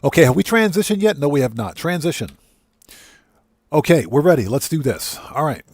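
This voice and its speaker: Fired-up male streamer, higher voice. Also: big pitch swings, fairly quick, a little mellow, no room sound. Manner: fired-up and indignant, greeting chatters by name. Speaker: livestream host. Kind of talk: ranting livestream chat.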